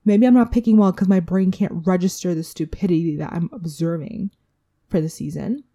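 A woman's voice: on the low side, a little fast, dark tone. A woman hosting a casual solo podcast recap, chatty and candid, with swearing and asides to herself. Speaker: podcast host.

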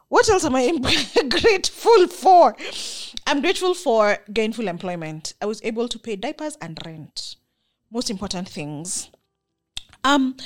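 A young woman with a Kenyan accent giving an earnest, emphatic, faith-filled personal monologue as a vlogger. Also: fairly high pitch.

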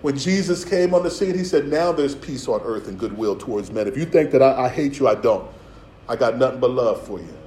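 A man's voice: mid-range voice, expressive, a little fast, mellow, reverberant, low-quality recording. A man preaching a sermon as pastor, streetwise and playful, with asides and acted-out voices. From Philadelphia.

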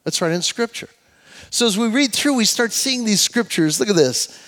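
Older male pastor, slightly high voice, sermon with call-and-response, long church reverb. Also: expressive, moderate pace. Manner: leads congregation in call-and-response, swings from loud preaching to soft asides. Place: church sanctuary.

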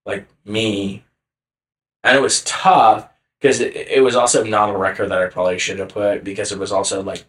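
A man's voice: fairly low pitch, a bit bright, reverberant. A young man co-hosting a casual podcast chat, rambling with lots of filler words and swearing. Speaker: podcast co-host.

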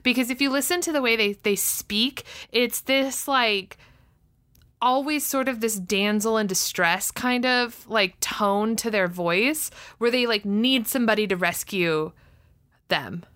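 Bright-voiced woman chatting about films. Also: a little high, a little slow. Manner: animated, lots of "like", playful asides. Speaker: podcast co-host. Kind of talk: casual movie review chat.

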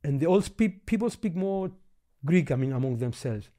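Give me a male teacher with a warm, darker tone who halts, repeats himself and lets phrases drop away. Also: on the high side, lively intonation, normal speed. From Cyprus. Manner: stammering restarts, trails off softly. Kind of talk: explaining linguistics in conversation.

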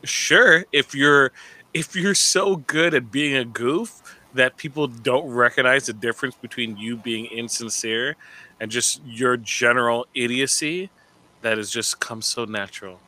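A man co-hosting a casual chat show, animated and fond of slangy impressions of others. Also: mid-range voice, a little slow. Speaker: podcast co-host.

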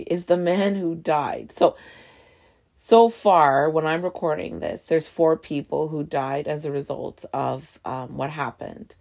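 Low-voiced woman rambling. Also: vocal fry. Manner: rambling, animated, laughing asides. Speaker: podcast host. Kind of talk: casual solo podcast monologue.

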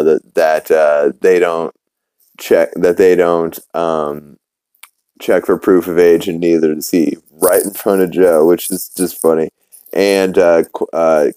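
In a dry recording, a man with a low-pitched, warm, clear and resonant voice recaps a cartoon episode for his podcast. His commentary is casual, sarcastic and meandering, heavy on fillers.

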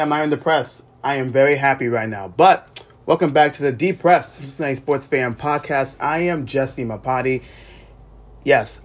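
A man hosting a solo sports podcast, recapping games in an excited, emotional way and often repeating himself. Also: mid-range voice. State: recovering from illness. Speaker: podcast host.

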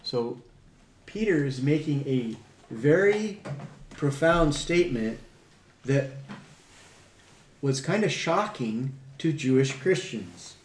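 A man's voice: mid-range voice, expressive, slow pace, pauses often. Emphatic man teaching in an echoey room. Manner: emphatic, asks the group questions, reads verses aloud. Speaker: Bible teacher. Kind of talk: conversational Bible study teaching. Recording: echoey room with faint background hum.

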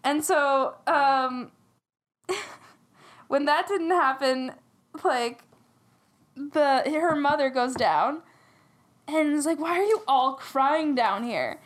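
A woman with a high voice retells a story in loose, rambling chat. Her sentences are full of fillers and asides as she goes. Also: takes it slowly, pauses often. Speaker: storyteller retelling a folk tale. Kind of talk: casual chat.

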